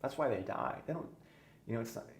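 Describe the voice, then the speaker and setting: A man's voice: medium pitch, animated, fast talker. A man guest on a podcast, telling his own story earnestly and intensely, his voice sometimes sinking to a near-whisper. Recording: echoey room with faint noise.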